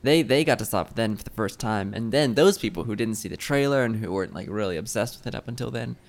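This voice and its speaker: A man's voice: fairly low pitch, expressive, fast talker, creaky. Young guy joking around, dry fake outrage. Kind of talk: casual chat.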